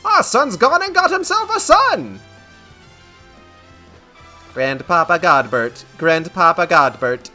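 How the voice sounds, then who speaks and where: A giddy old nobleman squeals and exclaims in a high, bright, swooping voice, as a man puts him on for a game. He sounds overjoyed and breathless with excitement. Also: slow, pauses often, soft background music, full character voice. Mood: elated. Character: excitable elderly nobleman, delighted father.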